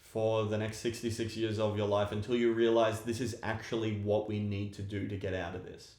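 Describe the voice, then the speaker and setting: A man co-hosting a podcast, laying out theories in a measured way during casual chat. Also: lowish voice, little pitch movement, darkish tone. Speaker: podcast co-host. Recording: roomy echo.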